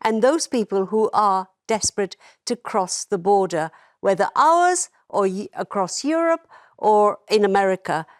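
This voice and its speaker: A woman speaking as a studio guest in a radio debate, forceful and indignant. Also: mid-range voice, expressive, measured pace, no room sound. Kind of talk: panel debate.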